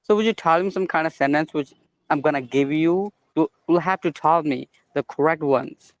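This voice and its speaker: A man's voice: fairly high pitch, moderate pace, no room sound. Polite, hesitant man student. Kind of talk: asking questions in an online class.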